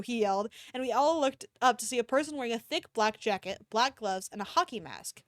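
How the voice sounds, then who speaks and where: A woman streamer reads fanfiction aloud, breaking off into animated, cursing asides. Her fairly high voice swings widely in pitch, and the sound is dry and close to the mic. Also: a little fast, no room sound.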